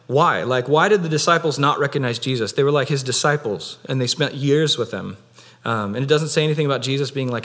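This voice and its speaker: A young man delivers an Easter sermon in a relaxed, chatty way. His voice sits at a middle pitch, and he keeps dropping in fillers as he talks. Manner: casual, conversational, many fillers. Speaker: pastor.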